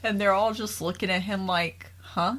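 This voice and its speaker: A woman's voice: medium pitch, steady tone, normal speed, very noisy. A woman co-hosting a podcast, chiming in with short agreements, laughs and her own recaps in casual chat. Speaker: podcast co-host.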